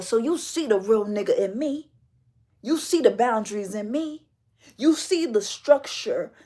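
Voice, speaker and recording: Female livestream host, slightly high pitch, forceful sermon-like confrontational delivery. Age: adult. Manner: emphatic, preachy, confrontational. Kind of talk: livestream monologue.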